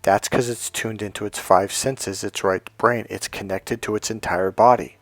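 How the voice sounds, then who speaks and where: A man's voice: on the low side, fairly even intonation, normal speed, dry recording. A man coaching other men on dating in an emphatic, blunt monologue, swearing freely as he drives his points home. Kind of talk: motivational monologue to camera.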